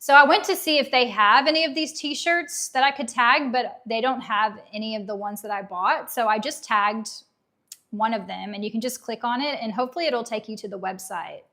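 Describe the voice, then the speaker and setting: A woman's voice: on the high side, normal speed, pushed and bright. A woman from Tennessee with a light Southern accent, hosting a casual livestream in a chatty, upbeat way and laughing easily. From Tennessee, USA. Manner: chatty, upbeat, laughs easily, reads viewer comments aloud. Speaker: livestream host.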